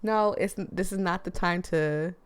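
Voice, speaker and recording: A woman's voice: lowish voice, unhurried, clean tone. A woman playing a horror visual novel, reading the narration aloud and breaking off into chatty, rambling asides. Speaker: gaming streamer.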